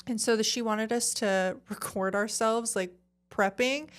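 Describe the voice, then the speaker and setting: A woman's voice: a little high, measured pace, clean tone. A young woman from Arizona, a podcast guest, telling a story casually and acting out what people said. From Arizona, USA. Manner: animated, acts out quoted dialogue, frequent "like".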